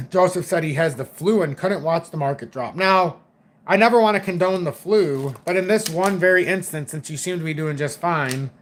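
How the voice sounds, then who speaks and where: A man's voice: a little high, normal speed. A young man giving loose, rambling, profane crypto market commentary on his own stream.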